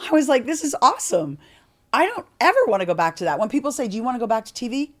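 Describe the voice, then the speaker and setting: A woman's voice: fairly high pitch, big pitch swings, very fast. A middle-aged woman from Canada, a podcast guest telling candid stories in a chatty way and swearing freely. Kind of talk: candid interview storytelling.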